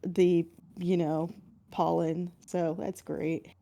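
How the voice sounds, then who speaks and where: A soft-spoken woman from Florida drawls through a casual group voice chat. She sounds a little congested from allergies. Her voice sits fairly low, mellow and dark. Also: flat delivery, takes it slowly, vocal fry. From Florida, USA.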